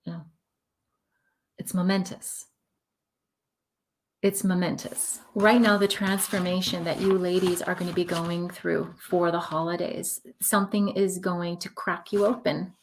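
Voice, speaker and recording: A woman's voice: lowish voice, level tone, a little slow, a little hiss or hum. Effusive woman giving a live tarot reading. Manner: effusive, emotional, affirming. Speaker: spiritual tarot reader.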